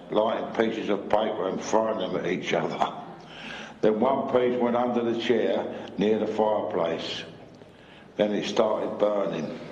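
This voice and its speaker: A man's voice: lowish voice, a little mellow, slight background noise. An older man, a son, reading a plain and heartfelt tribute to his late mother as a recorded eulogy. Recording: echoey hall, dull long reverb.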